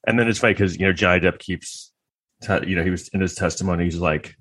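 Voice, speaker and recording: Low-voiced man, crude rambling sarcasm. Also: fast talker, a bit bright. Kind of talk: comedic monologue.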